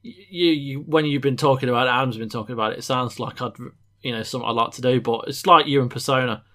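A young English man co-hosting a podcast, excitable and chatty with frequent stammering restarts. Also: mid-range voice, quick pace. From England. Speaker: podcast co-host. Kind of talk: casual podcast chat.

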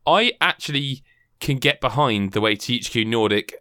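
A man's voice: mid-range voice, normal speed, no room sound. Guy hosting a podcast, chatty and laughing, cuts himself off a lot. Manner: animated, laughing, self-interrupting. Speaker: podcast host. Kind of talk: casual podcast chat.

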